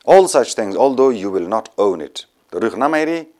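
A man's voice: lowish voice, big pitch swings, normal speed, darkish tone. A man with an Afghan accent reading the part of a frightened, superstitious young woman on the run, in an earnest, pleading way. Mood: fearful. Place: studio.

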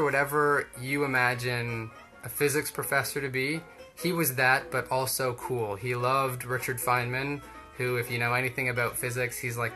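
A young man talks to a group in a loose, rambling way, with plenty of fillers and asides. His voice is bright and forceful at an ordinary pitch. A faint guitar plays behind him. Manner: chatty, rambling, many fillers. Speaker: speaker giving a talk. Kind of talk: casual storytelling talk.

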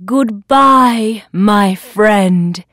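Woman narrator playing a kind friendly bird, soft and slow, dry close sound. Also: on the low side, animated, no echo.

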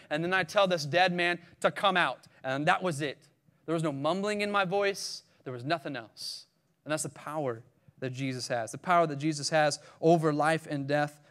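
Animated Caribbean man preaching. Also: on the high side, smooth. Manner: animated storytelling, acts out the scripture scenes with sudden loud cries. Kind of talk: sermon.

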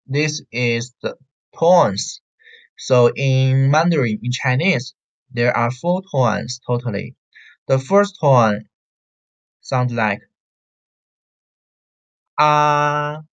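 A woman teaching Chinese, slowly drilling syllables and tones, repeating each one twice. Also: rumbling low, expressive. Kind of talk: slow pronunciation drill. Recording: dull lo-fi online class audio.

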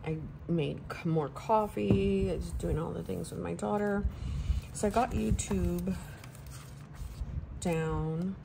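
A woman's voice: on the low side, slow, gravelly, long pauses, background noise. A woman vlogger chatting casually at home while she works on a planner, rambling and laughing often. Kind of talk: casual chat while crafting.

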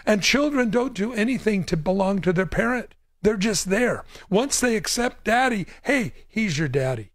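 A man's voice: sits high, expressive, moderate pace, few pauses, dry recording. A man hosting a call-in Bible show as a pastor, speaking emphatically and repeating words to drive a point home. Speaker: pastor and radio show host. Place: radio studio.

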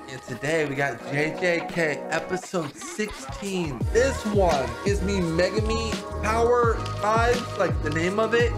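Excitable man reacting to anime. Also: high-pitched. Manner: loud, exclaims and swears often, talks to the screen. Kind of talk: excited casual reaction commentary. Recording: music playing loud behind.

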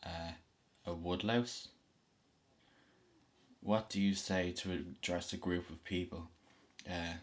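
A young man with a Dublin accent, reading a word list and answering questions in a relaxed, hesitant way. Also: sits low. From Ireland. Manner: slow, relaxed, hesitant with frequent ums. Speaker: vlogger. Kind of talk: casual accent-test video.

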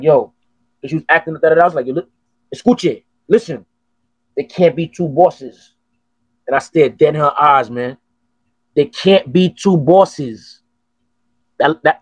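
Husky-voiced man hosting a casual podcast. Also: on the high side, fast, dry recording. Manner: profane, animated storytelling. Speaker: podcast host. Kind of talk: casual chat.

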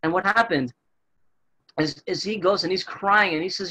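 A man's voice: high voice, moderate pace, bright, forceful tone, a little hiss or hum, rough recording. A man giving a virtual tour as a guide, telling a story earnestly and often repeating words as he goes.

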